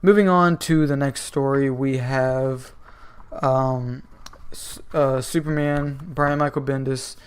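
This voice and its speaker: Man, mid pitch, casual comics reviewer, rambles with lots of "um" and "like". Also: steady tone, slow pace, clear, resonant tone. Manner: rambling, filler-heavy. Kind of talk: casual video commentary.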